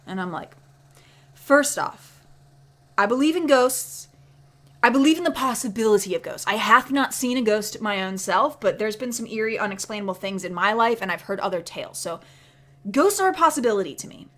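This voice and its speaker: A woman telling a spooky story in a chatty, animated way, dropping into whispers for the scary parts. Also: a little high, normal speed. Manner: chatty, many fillers of "like". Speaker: vlogger. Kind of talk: casual storytelling.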